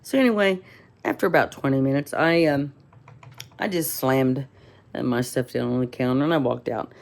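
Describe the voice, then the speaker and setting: A woman's voice: a bass voice, moderate pace, gravelly. A woman telling a rambling, indignant story in a casual vlog, full of fillers and restarts. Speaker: vlogger.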